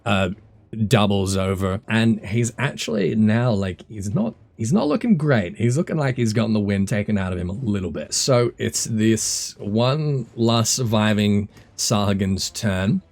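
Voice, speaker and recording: Low-voiced man running a tabletop game. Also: unhurried. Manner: relaxed, many fillers and restarts while narrating combat. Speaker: game master.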